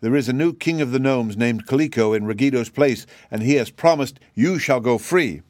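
A man's voice: medium pitch, moderate pace, darkish tone, dry recording, clean studio sound, lightly acted. A man voicing an anxious, devoted grown man who is searching for his lost brother. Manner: anxious, pleading.

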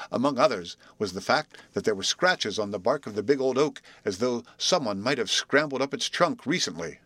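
A man narrating a storybook reading in an expressive, measured way. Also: mid-range voice, no echo.

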